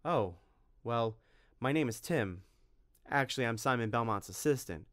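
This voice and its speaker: A man voicing an eager, stubborn young boy in a storybook reading, pitching his voice up. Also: lively intonation, normal speed, fairly bright tone, dry recording, clean studio sound, close to an everyday voice.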